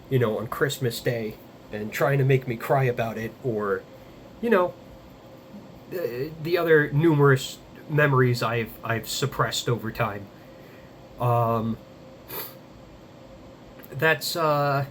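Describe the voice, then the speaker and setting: A man in his thirties talking casually to the camera, halting and rambling with many fillers and some blunt swearing. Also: medium pitch, fairly bright tone, slight background noise. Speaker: vlogger. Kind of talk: casual confessional monologue.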